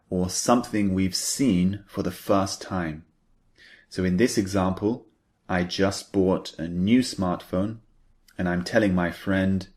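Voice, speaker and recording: A man's voice: deep voice, darkish tone. A man teaching an English lesson, patiently explaining phrases and repeating example sentences with emphasis.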